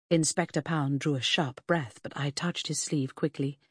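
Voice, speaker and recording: A reader narrating a period mystery audiobook in a measured, husky voice. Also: male voice, on the high side, no echo, studio quality. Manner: measured storytelling. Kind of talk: scripted narration.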